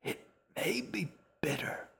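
A man's voice: high voice, sing-song, takes it slowly, vocal fry, a bit bright, husky, voice pushed up, full character voice. A man voicing an old woman who sits at a diner counter and speaks only in a whisper.

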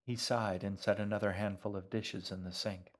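A man narrating an audiobook in a measured, even storytelling manner. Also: lowish voice.

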